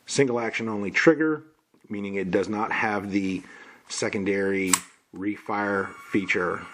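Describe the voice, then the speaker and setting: A man's voice: sits low, fairly bright tone. A man casually walking through an unboxing, listing parts in a plain, matter-of-fact way. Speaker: gun reviewer.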